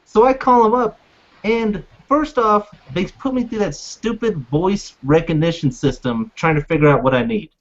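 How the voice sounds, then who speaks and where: High-voiced profane podcast host. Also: male voice, moderate pace. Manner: profane, exasperated storytelling. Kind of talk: casual podcast rant. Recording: dull lo-fi podcast audio.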